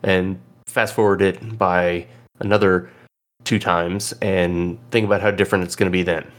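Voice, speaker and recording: A man's voice: low voice, level tone, normal speed. A man from Illinois hosting a podcast, chatting casually and rambling with lots of fillers. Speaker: podcast host. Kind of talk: casual chat.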